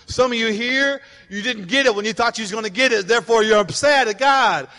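A male pastor delivers a fervent sermon in a high, bright, forceful voice. He hammers his points by repeating them and rises to shouts, with a long reverb trailing off the walls of a large hall. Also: a little fast, few pauses.

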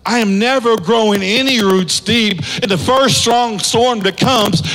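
A pastor in his fifties preaching a sermon in a large church, animated, with big swings in pitch and shouted peaks. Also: unhurried, few pauses. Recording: long hall reverb.

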